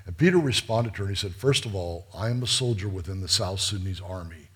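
A man's voice: low voice, expressive, fast, slightly rough. A middle-aged man preaching, telling stories earnestly and addressing the listeners as guys. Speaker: preacher and missionary. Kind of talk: sermon storytelling.

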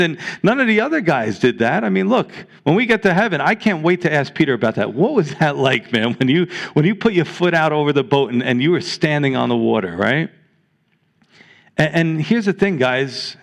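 A pastor with a New York accent delivers a sermon in a loose, conversational way. His voice sits high for a man, and he often stumbles over and repeats words as he builds each point. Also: a bit bright. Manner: conversational preaching, frequent restarts and repeated words.

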